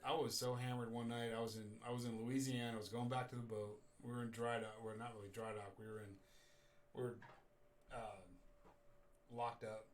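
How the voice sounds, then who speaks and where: A man's voice: mid-range voice, level tone, brisk, recorded from a distance, a little hiss or hum. A man hosting a casual show, telling rambling stories and chuckling along. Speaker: show host. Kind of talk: casual radio show chat.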